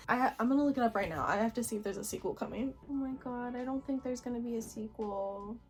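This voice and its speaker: A young woman in her twenties talking excitedly to camera about books at home, gushing with lots of filler words. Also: fairly high pitch, moderate pace, soft background music. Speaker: book vlogger. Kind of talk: casual reading vlog chat.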